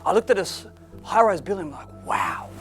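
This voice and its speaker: Brief: high-pitched male speaker, English, blunt and animated, faint music underneath. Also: moderate pace. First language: not English. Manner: animated, swings loud and excited to low and quiet; blunt with occasional swearing. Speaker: motivational speaker. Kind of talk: motivational storytelling talk.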